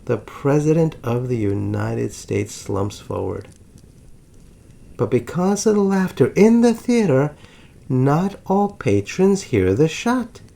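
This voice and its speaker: A man telling a historical story as scripted narration, with dramatic pacing and drawn-out suspense pauses. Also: medium pitch, very animated, creaky, warm tone. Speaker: history channel host.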